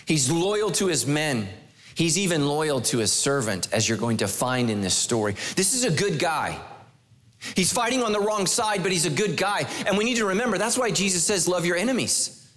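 High-voiced male preacher, lively and emphatic, quick humor and rhetorical questions. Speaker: pastor. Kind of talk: sermon.

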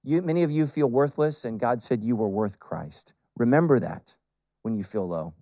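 A middle-aged pastor preaches a sermon in a voice of ordinary pitch. He swings from loud, emphatic peaks down to quiet, intimate lines and drives points home by repeating them. The sound is dry and close, with no room around it. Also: animated, normal speed, no room sound.

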